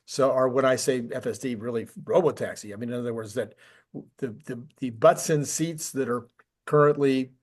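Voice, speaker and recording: A man's voice: medium pitch, moderate pace. Rambling enthusiastic man talking tech. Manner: enthusiastic, rambling with repeated restarts. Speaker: podcast co-host. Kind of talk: casual tech discussion.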